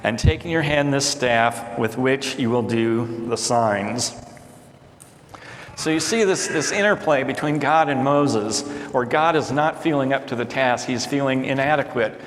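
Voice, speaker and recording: A man's voice: mid-range voice, measured pace, a bit bright, slight background noise. A male pastor in an echoey church hall, his voice ringing with long reverb over faint background ambience. He alternates between reading scripture and retelling it in loose, conversational language. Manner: reads scripture aloud and paraphrases it casually. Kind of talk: sermon.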